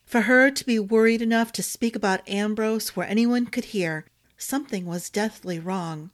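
A woman storyteller reading a fantasy novel aloud in a steady, expressive narration. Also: medium pitch, moderate pace.

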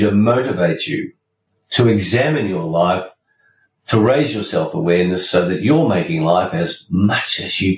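A low-voiced man hosts a podcast with an emphatic, preachy delivery and the odd joke. He sits back from the mic in a roomy space. A faint ambient hum runs underneath. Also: far from the mic. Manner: emphatic, preachy, tells jokes. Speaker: podcast host. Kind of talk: scripted podcast monologue.

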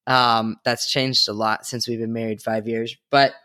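A young man co-hosting a podcast in relaxed conversation. He reasons things out carefully, hedging often and using plenty of fillers, at a middle pitch. The recording is dry and close. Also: moderate pace, dry recording. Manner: thoughtful, hedging, many fillers. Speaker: podcast co-host. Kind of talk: casual chat.

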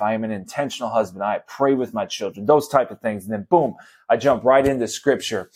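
Male podcast host, casual energetic storyteller, chatty with fillers. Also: medium pitch. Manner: energetic, conversational, lots of fillers like "man" and "you know".

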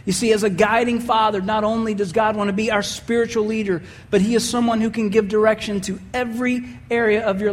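A man's voice: high voice, big-room sound. A man preaching a sermon as pastor, telling a story and acting out the voices he quotes.

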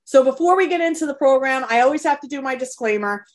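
A woman presenting a live webinar as a coach, with a voice pitched a little above average. She talks in a candid, earnest way, urging her listeners on and not shy about swearing. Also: expressive, quick pace. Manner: earnest and motivational. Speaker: potty training coach.

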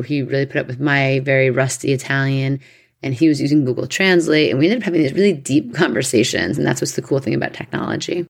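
A woman's voice: low voice, creaky. A woman in her thirties hosting an astrology podcast, chatty and rambling off on tangents. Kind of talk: casual podcast chat.

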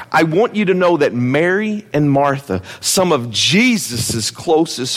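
Male pastor, conversational sermon delivery, dramatic loud-to-hushed swings, reverberant hall. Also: a little high, animated, unhurried, few pauses. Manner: conversational preaching with repeated calls to listen.

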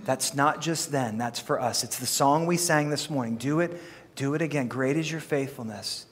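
A man's voice: medium pitch, moderate pace. A man preaching a sermon as pastor, talking to his congregation in a playful, conversational way. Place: church sanctuary. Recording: long reverb of a church hall.

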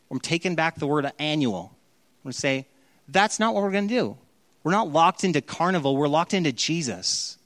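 A pastor preaches a sermon in a slightly high voice, speaking in an animated, conversational way and acting out the voices he quotes.

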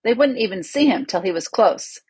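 A woman reading the part of a confident young high king with a decisive, good-humoured manner. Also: animated, moderate pace, darkish tone, husky.

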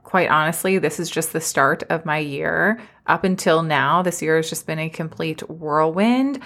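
A woman's voice: on the low side, a bit bright. A woman hosting a motivational podcast, talking in an upbeat, encouraging pep-talk manner with casual swearing. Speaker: podcast host and business coach.

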